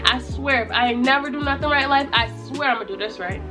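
A woman's voice: high voice, fast, music in the background. A young woman from New York state talking straight to camera, emphatic and repetitive, crying happy tears. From Utica, New York. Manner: emphatic, repeats herself, tearful excitement. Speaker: YouTuber. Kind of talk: casual vlog chat. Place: at home in front of a mirror.

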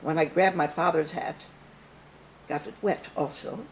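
A woman's voice: low-pitched, measured pace, a little hiss or hum. An older woman entertainer, reminiscing theatrically about show business at her home. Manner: theatrical, animated storyteller. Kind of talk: showbiz reminiscing to camera.

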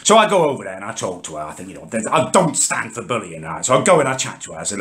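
A man's voice: deep voice, sing-song, rapid-fire, hardly any pauses, a bit bright. A man, ranting indignantly in a comedic monologue. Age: 30s. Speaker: comedic vlogger. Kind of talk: comedic rant to camera.

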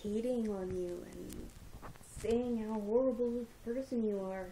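A woman's voice: on the high side, unhurried, mellow, slight background noise. A young woman who runs a reptile rescue, venting at home into a handheld camera in a frustrated, rambling and tearful way. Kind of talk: emotional personal vlog. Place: at home indoors. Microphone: handheld camera at arm's length.

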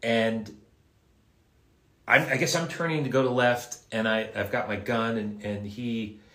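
A man, a voice actor, casually telling stories and answering fans' questions in a live session, in a halting way with frequent restarts and repeated words. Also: mid-range voice, steady tone, bright, forceful tone. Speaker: voice actor guest at an autograph livestream. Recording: roomy echo.

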